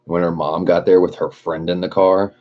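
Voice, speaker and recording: A young man streamer telling a story in casual, profane, animated chat, often laughing. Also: deep voice, normal speed, lo-fi sound.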